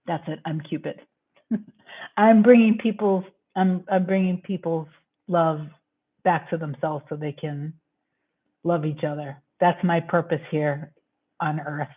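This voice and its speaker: A woman with a lowish voice chats through a casual live-stream Q&A as a coach. She rambles in an effusive, heartfelt way. The audio is thin and tinny, like a phone line. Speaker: manifestation coach.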